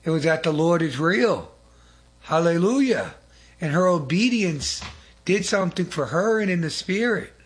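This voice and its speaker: A man's voice: a little high, expressive, normal speed, husky. A man giving an earnest, rambling testimony sermon, often restarting and adding asides. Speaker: lay preacher.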